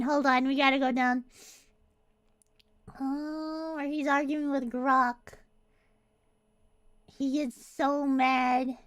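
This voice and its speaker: A woman's voice: high-pitched, fairly bright tone, no echo. A woman streamer in casual chat, laughing and swearing while reading comments aloud into a close desk mic.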